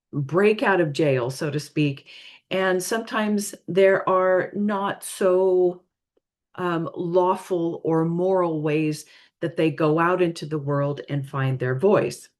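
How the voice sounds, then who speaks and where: A woman's voice: on the low side, darkish tone. A woman giving a spiritual reading in a casual, hesitant way, apologizing often, her voice tired and straining. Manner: hesitant, apologetic, halting with many fillers. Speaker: spiritual reader.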